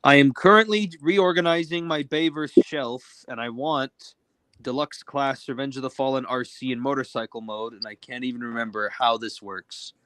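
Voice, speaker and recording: A man's voice: medium pitch, fairly even intonation, normal speed, fairly bright tone, dry recording. A man co-hosting a casual live stream, cracking puns and grumbling over a fiddly toy. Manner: punning, exasperated, mild swearing substitutes.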